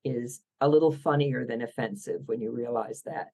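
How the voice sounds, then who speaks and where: Philadelphia woman, interview guest, wry and opinionated, lively delivery. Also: extremely low pitch, moderate pace, breathy edge, poor audio. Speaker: guest author. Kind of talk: podcast interview.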